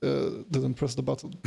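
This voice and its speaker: A tired man chats with viewers while streaming a game after work, rambling and cursing casually. His voice is gravelly and a bit husky. He talks in a flat, worn-out tone. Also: medium pitch. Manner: rambling, self-deprecating, swears casually. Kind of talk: casual gaming livestream chat.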